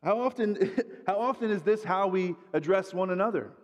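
A man's voice: sits high, normal speed, in a large hall. A man preaching a sermon in a conversational way, often repeating words as he builds his points. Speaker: guest preacher.

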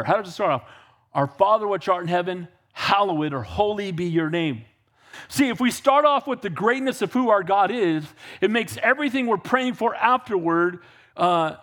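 A man preaching a sermon as pastor, swinging from calm asides to fervent, raised passages and calling out to the congregation. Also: high voice. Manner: builds to fervent, raised preaching, with audience call-outs.

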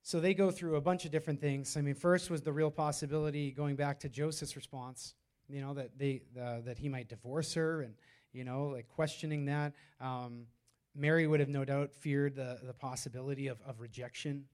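A man's voice: mid-range voice, fairly even intonation, moderate pace, darkish tone. A man preaching a sermon in a loose, conversational way, with many fillers and restarts. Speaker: pastor.

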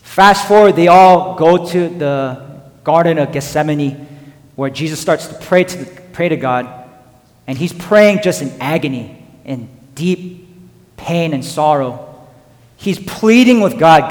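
A male preacher with a slightly high voice delivers a sermon in an earnest storytelling style. He acts out the voices of the people in the story as he goes. His voice rings with the long reverb of a hall. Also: expressive, unhurried. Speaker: pastor.

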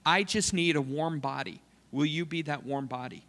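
A man voicing a gentle divine spirit speaking softly and calmly, in a church with long reverb. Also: fairly high pitch, moderate pace.

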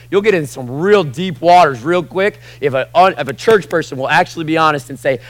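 A young man preaching a sermon in a loose, talky way. He drops low and quiet for asides, then jumps high and loud when he drives a point home. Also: expressive, a little fast, few pauses, no echo, rough recording. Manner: conversational, swings from quiet asides to loud emphatic bursts. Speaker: pastor.

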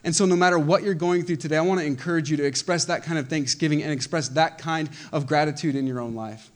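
A man preaching a sermon as pastor, impassioned and repeating phrases as he builds to loud emphatic peaks. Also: fairly high pitch, fast.

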